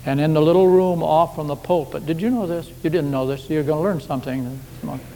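A man's voice: fairly high pitch, steady tone, fast, mellow. A man preaching a sermon as pastor, in a folksy, conversational way full of homely anecdotes, recorded in a church sanctuary. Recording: echoey hall with faint background hiss.

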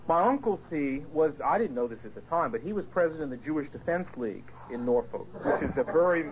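A man with a fairly high voice tells his testimony to a group, swinging his pitch widely as he acts out quotes and asides. The recording is muffled and lo-fi, with a faint hiss underneath. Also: expressive, fast. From Portsmouth, Virginia area. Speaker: speaker giving his testimony. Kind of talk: animated personal testimony to a group.

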